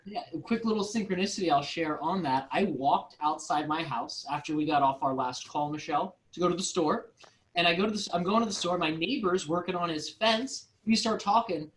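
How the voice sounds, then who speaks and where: A man co-hosting a casual online chat, telling stories in an animated way and laughing often. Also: fairly high pitch, fairly quick, rough recording. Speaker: co-host.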